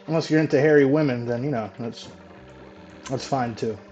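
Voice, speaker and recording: Male game streamer, loose and chatty, mid-pitched voice, muffled home mic with faint music under it. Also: a little mellow. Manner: chatty, casual swearing, quick laughs. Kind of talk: casual live gameplay chat.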